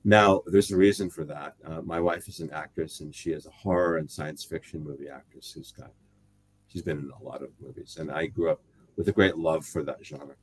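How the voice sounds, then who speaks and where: Brisk and steady, this bass-voiced middle-aged man from the US talks casually as an interview guest, wandering thoughtfully through his points and frequently revising what he says. There's a faint hiss or hum in the recording.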